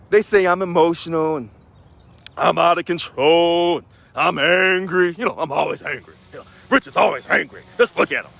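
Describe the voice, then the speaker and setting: Animated, high-pitched man rallying members. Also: gravelly. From Missouri. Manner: emphatic, repeats key phrases. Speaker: union president. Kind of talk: energetic video address to union members.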